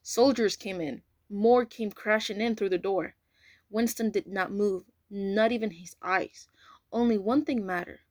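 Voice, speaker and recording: A woman's voice: mid-range voice, moderate pace, a little mellow, no room sound. Woman reading aloud. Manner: careful reading with slips and self-corrections. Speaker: reader. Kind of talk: amateur audiobook reading.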